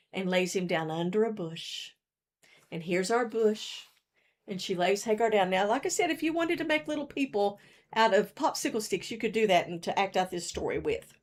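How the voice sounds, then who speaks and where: A woman's voice: on the high side, animated, normal speed. A woman leading a children's story hour in a church, retelling a story while acting it out with her fingers and showing a craft.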